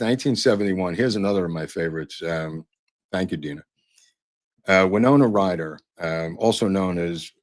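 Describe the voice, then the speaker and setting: An older man with a very low voice hosts a podcast and spins rambling showbiz anecdotes. He talks in a loose, chatty way, padded with "uh" and "um". The sound is dry and close, with no room echo. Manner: chatty, full of "uh" and "um" fillers. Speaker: podcast host.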